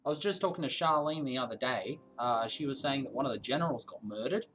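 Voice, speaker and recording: A man's voice: mid-range voice, lively intonation, fast talker, fairly bright tone, slight background noise, close to an everyday voice. A man voicing a blustering male boss in a put-on Australian accent, exasperated and full of slang. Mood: chatty.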